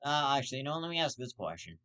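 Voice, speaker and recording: A man hosting his own vlog, ranting with constant swearing and sudden outraged jumps in pitch. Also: very animated, quick pace, fairly bright tone, muffled recording. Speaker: host. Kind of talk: profane vlog rant.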